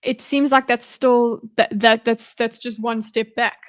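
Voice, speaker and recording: A woman's voice: on the high side, flat delivery, unhurried. A woman streamer giving casual live commentary on a debate, thinking aloud with frequent restarts.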